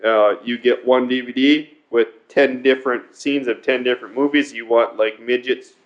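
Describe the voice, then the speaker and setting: A man's voice: mid-range voice, fairly even intonation, moderate pace, highs cut off. A man in crude, rambling casual chat as a podcast host, stumbling and repeating himself. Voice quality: rambling, profane, repeats words.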